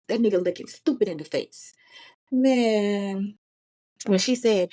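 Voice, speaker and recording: A woman's voice: a little high, fairly quick. A woman from Florida, a podcast guest, telling a long story in casual, profane talk and acting out the quotes. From Florida, USA. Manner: animated, profane, acts out quotes.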